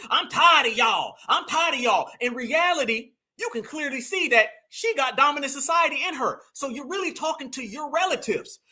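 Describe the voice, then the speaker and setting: Bright-voiced man ranting commentary. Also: very high-pitched. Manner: animated, preachy, calls audience "fam", mocks voices. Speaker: commentary host. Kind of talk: reaction commentary on clips.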